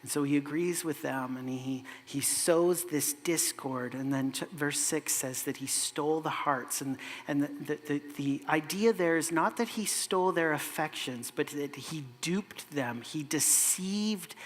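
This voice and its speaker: A man preaching a sermon as a pastor, conversational and animated, with asides to the congregation. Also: on the high side, measured pace. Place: church sanctuary. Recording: echoey church hall.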